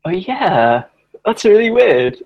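A man co-hosting a casual chat, animated, laughing often and jumping up in pitch when excited. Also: slow, lo-fi sound. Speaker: podcast co-host.

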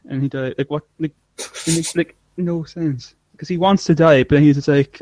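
A man's voice: a little high, steady tone, moderate pace, few pauses, darkish tone, no room sound. A man co-hosting a casual chat, rambling and often trailing off mid-thought. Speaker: podcast co-host. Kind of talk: casual chat reviewing an episode.

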